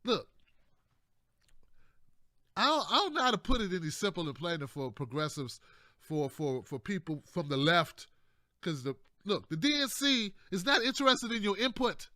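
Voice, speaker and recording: Guy doing a casual political rant, high bright voice, keeps saying man, dry close sound. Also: expressive, moderate pace, no room sound. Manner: loose and conversational, keeps adding "man" and "y'all", jokey asides. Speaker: political commentator, show host.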